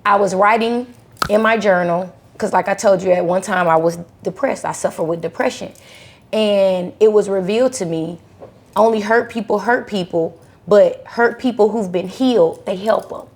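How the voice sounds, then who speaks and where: Animated woman telling her story. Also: mid-range voice, normal speed. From Charlotte, North Carolina. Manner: animated, acts out voices in her stories. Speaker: podcast guest. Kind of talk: conversational storytelling interview.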